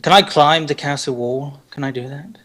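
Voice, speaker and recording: A man's voice: a little high, moderate pace. Dry-humored male tabletop player. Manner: dry, deadpan one-liners. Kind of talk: playing a tabletop game on a livestream.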